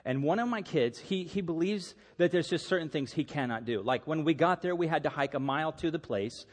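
A middle-aged male pastor delivers a sermon with a lively, swooping delivery, sitting a touch above a typical man's pitch. He tells stories animatedly, acting out the people in them. His voice trails off into the long reverb of a church hall. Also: a little fast. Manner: animated storytelling, acting out quotes.

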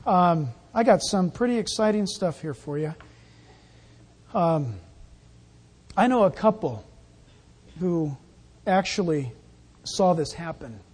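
A pastor giving a sermon in an animated, jokey way, acting out the scenes. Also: medium pitch, slow, long pauses, breathy edge.

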